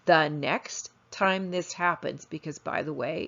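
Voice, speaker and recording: In an unhurried, deep, creaky voice, a woman instructor and family therapist gives a storytelling lecture, bringing quoted voices to life with animated delivery. The sound quality is dull and lo-fi.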